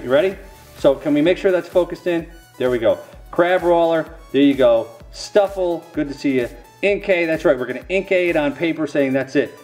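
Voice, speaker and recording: A middle-aged man rambling casually to camera while opening card packs, with self-mocking, folksy asides. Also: a little high.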